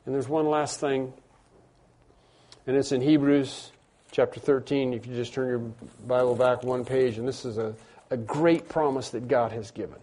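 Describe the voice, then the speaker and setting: A man preaching a sermon as pastor, emphatic, moving between hushed passages and loud, drawn-out stressed phrases. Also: mid-range voice, fairly even intonation.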